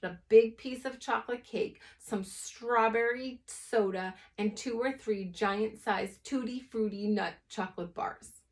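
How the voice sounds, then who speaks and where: A woman's voice: a little high, measured pace. A woman reading aloud, voicing a whiny, pampered nine-year-old boy who wails and sulks. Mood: sulky. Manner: wailing, bawling, sulky.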